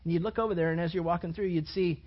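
A man preaching a sermon as a pastor, telling stories in an animated way, repeating phrases and acting out what people said. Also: sits high, rapid-fire, highs cut off. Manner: animated storytelling, repeats phrases and acts out quotes.

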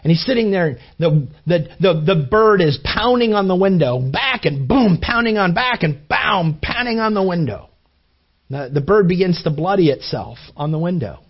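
Husky high-voiced male preacher. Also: lively intonation, normal speed. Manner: earnest, repeats words as he builds. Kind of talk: sermon storytelling. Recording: dull lo-fi recording.

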